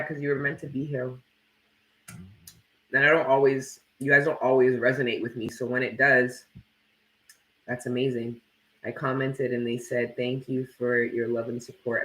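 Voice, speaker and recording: On a tarot live stream, a man with a bright, forceful mid-range voice reads out viewer comments. His chat is casual and blunt, with lots of swearing and "like." The sound is roomy and the recording rough.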